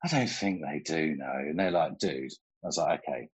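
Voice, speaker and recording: Middle-aged man, very low voice, husky, casual storytelling, laughs a lot. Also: animated, brisk, dull audio. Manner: chatty storyteller, laughs often, swears casually. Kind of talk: casual chat.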